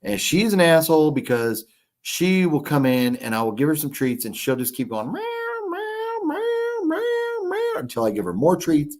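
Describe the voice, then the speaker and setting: Man in his fifties, casual livestream chat, rambling, profane, animated sing-song pitch. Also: brisk. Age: 50s. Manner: rambling, profane, reads chat comments aloud. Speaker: livestream host. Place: hotel room.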